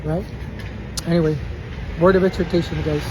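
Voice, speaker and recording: Casual preacher man, high-pitched. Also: fairly even intonation, moderate pace, background noise. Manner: casual, mixes Spanish words into English, chuckles often. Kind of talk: informal devotional sermon.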